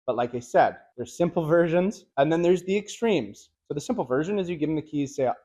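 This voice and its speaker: A man with a fairly high speaking voice walks viewers through sales closing techniques. He talks in a direct, energetic coaching style, mixing in casual slang. It sounds like an instructional video. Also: brisk. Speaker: car sales trainer.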